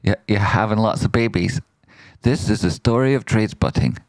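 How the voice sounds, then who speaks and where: Excitable man hosting a stream. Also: fairly low pitch, no room sound, studio quality. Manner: excitable, jokey, rapid shout-outs with playful exclamations. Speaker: trading livestream host. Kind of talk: lively livestream chat, reading out members and donations.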